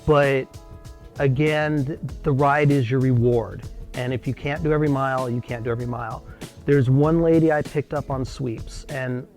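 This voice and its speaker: A man's voice: mid-range voice, normal speed, soft background music. A man casually telling an anecdote about his time as a roadie on a charity bike ride, acting out the people he quotes. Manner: animated storytelling, quoting others.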